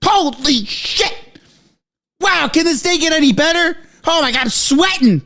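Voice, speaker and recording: A man's voice: very high-pitched, measured pace. Frantic, breathless man reacting live. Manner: excitable, shouting, swinging from frantic to muttering. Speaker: political commentary streamer. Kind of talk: live news reaction stream. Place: home basement.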